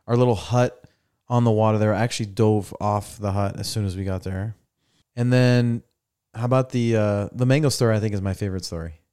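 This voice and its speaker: A young man hosting a podcast tells stories in a casual chat, recorded on a studio mic, playing out the characters' lines with animation. His voice is smooth, on the low side and a little fast.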